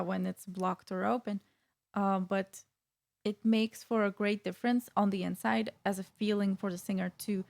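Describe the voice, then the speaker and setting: A woman's voice: mid-range voice, creaky, darkish tone. A woman vocal coach explaining singing technique in a casual reaction video, with frequent fillers and restarts.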